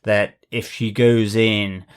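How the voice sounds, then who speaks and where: A man's voice: fairly low pitch, level tone, smooth. A man co-hosting a podcast, reading a plot recap steadily and then chatting loosely with many fillers. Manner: reads plot recap in a measured way, then chats with frequent fillers and restarts. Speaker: podcast co-host. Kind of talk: casual podcast review chat.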